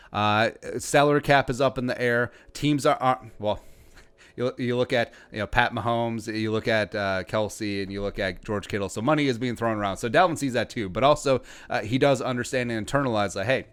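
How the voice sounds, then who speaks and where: A man's voice: medium pitch, smooth. A man hosting a sports podcast, chatting casually with lots of fillers and restarts, with a Midwestern American accent. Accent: Upper Midwestern American. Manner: conversational, many fillers and restarts. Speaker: podcast host.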